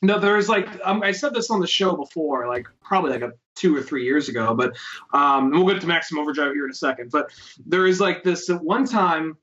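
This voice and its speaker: A man's voice: a little high, animated, a little fast, fairly bright tone, dull audio. A man hosting a podcast, telling rambling stories in casual chat and swearing freely. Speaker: podcast host.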